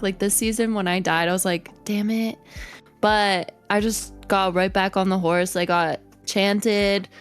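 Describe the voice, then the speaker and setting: Woman guest, chatty and giggly, loose "like"-filled delivery, mid-pitched voice, faint music under it. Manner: giggly and bubbly, with frequent "like" fillers. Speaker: guest, streamer and content creator. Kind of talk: casual interview chat.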